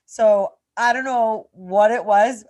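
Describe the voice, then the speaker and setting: Her voice is a little high and a little mellow, and she takes things slowly. This thirtysomething podcast co-host from Massachusetts rambles through a lengthy personal story, swearing and saying "like" heavily.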